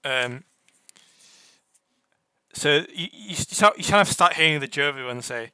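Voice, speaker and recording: A young man narrating a tabletop game as game master, halting with many restarts. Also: on the high side, expressive, bright, forceful tone, clear, resonant tone, no room sound.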